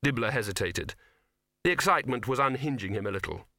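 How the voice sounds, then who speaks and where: Here a man narrates an audiobook from a script, his storytelling steady and measured. He has a medium-pitched voice, captured in clean studio sound with no room sound.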